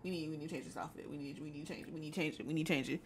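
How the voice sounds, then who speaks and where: A woman's voice: low voice, very fast, a little hiss or hum. A woman streaming a life-sim game, chatting casually in playful slang and bossing around her characters. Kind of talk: casual gameplay commentary.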